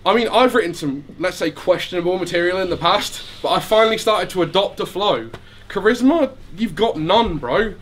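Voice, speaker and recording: A man's voice: sits high, animated, normal speed, a bit bright, slight background noise. A man in his late twenties performing at a live rap battle, trading insults in rhymed bars and laughing at his own jokes. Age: late 20s. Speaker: battle rapper. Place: live venue before an audience.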